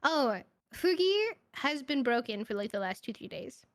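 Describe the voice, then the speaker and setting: Woman, high voice, teasing, giggly, dry close sound. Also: sing-song, normal speed, a bit bright, no room sound. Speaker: guest on a call. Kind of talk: casual call chat.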